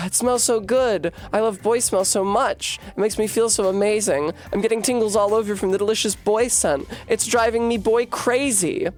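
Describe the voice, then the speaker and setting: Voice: medium pitch, normal speed, voice pushed up, close to an everyday voice. A streamer voicing a giddy ghost girl who is obsessed with the smell of boys, in a game. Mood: swooning. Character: breathless boy-crazy ghost girl. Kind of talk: dramatic reading of game dialogue.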